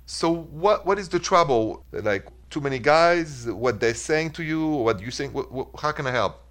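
A middle-aged man with a French accent, hosting a call-in radio dating advice show in a lively, chatty way, dropping in French phrases. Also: a little high, normal speed. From France.

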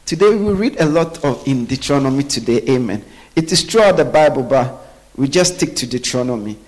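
A man preaching a sermon, often pausing so the congregation can finish his sentences. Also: medium pitch, expressive, darkish tone. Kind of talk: sermon with call-and-response.

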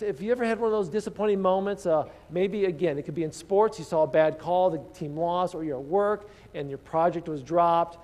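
A man preaching a sermon in a conversational, animated way, acting out the people in the story. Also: high-pitched. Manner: conversational, animated, acts out quotes. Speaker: pastor.

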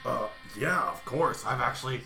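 A man playing a bard in a tabletop game, in a goofy, excitable way. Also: mid-range voice, normal speed, vocal fry, music in the background. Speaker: player. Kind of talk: tabletop role-play.

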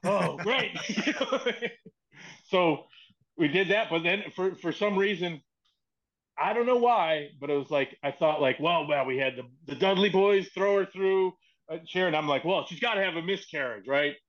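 A man's voice: high voice, lively intonation, measured pace, fairly bright tone. A man who is a guest on a podcast tells a backstage story in a casual, profane way and acts out the quoted dialogue. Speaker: podcast guest, former wrestling writer. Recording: muffled lo-fi sound.

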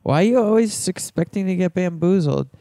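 A man's voice: high-pitched, animated, a little fast, creaky, warm tone, no room sound. A man co-hosting a comedy podcast, tossing out blunt, profane banter in casual chat. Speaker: podcast co-host.

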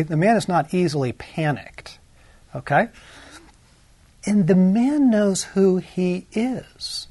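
Male pastor, slightly high voice, chatty sermon delivery with lots of asides, dry close mic. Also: no room sound. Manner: conversational, lots of asides and tag questions; shifts between slow emphasis and quick runs.

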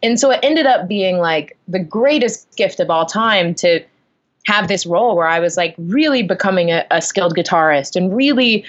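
A young woman telling a story in a casual chat, animated and full of fillers. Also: lowish voice, moderate pace. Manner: animated, lots of likes and ums. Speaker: guest. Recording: dull lo-fi sound.

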